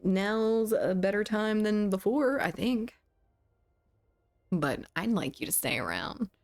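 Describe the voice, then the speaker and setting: A woman's voice: medium pitch, expressive, slow pace, vocal fry, no echo, studio quality. A woman from the southern United States with a mild Southern accent, chatting casually with her chat while streaming a game and often laughing.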